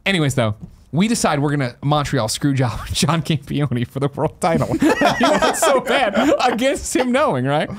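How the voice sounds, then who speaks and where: A man's voice: fairly high pitch, sing-song, normal speed, noisy background. A man in his thirties from the American Midwest, a podcast host telling a comic story with lots of laughing and swearing.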